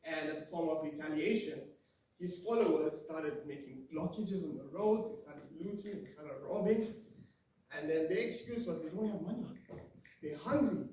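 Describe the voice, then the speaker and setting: A man's voice: a little high, moderate pace, warm tone, slight background noise. A young South African man in his twenties doing his first stand-up set, chatty and loose, talking to the crowd. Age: 20s. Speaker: stand-up comedian. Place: live comedy room. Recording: echoey room, mic a bit far.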